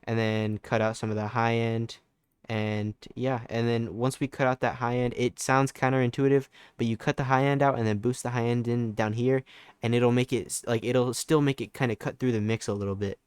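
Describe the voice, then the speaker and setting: A man's voice: medium pitch, flat delivery, moderate pace, darkish tone, clear, resonant tone, dry recording, studio quality. A young man giving a casual, laid-back music production tutorial, loose and full of fillers and restarts. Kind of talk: casual screen-recorded tutorial.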